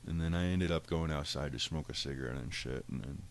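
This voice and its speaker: A podcast host telling a casual, profane story, animated and laughing often. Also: male voice, very deep voice, a little fast, vocal fry, a little hiss or hum.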